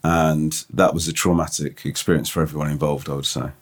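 A man co-hosting a podcast in casual chat, who reads listener emails aloud and tells self-mocking stories with halting restarts. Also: rumbling low, level tone. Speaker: podcast co-host.

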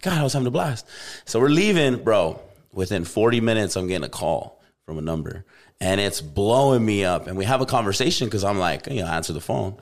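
Young guy from Albuquerque, lowish voice, loose slangy storyteller on a chat podcast. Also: animated, a little fast. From Albuquerque, New Mexico. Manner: laid-back, slangy, says "bro" constantly.

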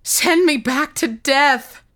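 A woman voicing a boy brought back from death, bitter and despairing, talking quietly and hollowly. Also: on the low side, unhurried, no room sound. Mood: screaming. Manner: quiet and hollow, breaking into screams.

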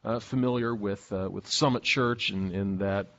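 A man's voice: fairly low pitch, steady tone, moderate pace, a bit bright. A man from Nebraska co-hosting a podcast, explaining things hesitantly with many fillers and restarts. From Lincoln, Nebraska. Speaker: podcast co-host. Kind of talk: casual podcast discussion. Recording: dull lo-fi sound.

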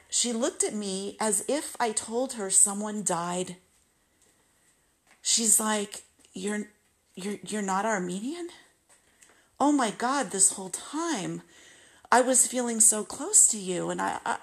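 A woman hosts her own podcast, telling personal stories at an unhurried, deliberate pace. She talks earnestly and slips into lively quoted voices of the people she recalls. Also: a little high. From United States. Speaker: podcast host. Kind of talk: personal storytelling monologue.

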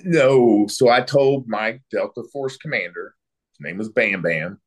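A low, husky man recounts a story from his days as an interrogator. He talks in quick, clipped bursts and slips into the voices of the people he questioned. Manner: brisk anecdotal storytelling, acting out quoted exchanges. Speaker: guest, former military interrogator.

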